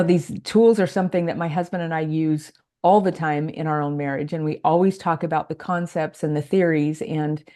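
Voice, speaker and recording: A woman's voice: deep voice, mellow. A woman life coach talking earnestly on a podcast, explaining ideas step by step. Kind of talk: podcast conversation.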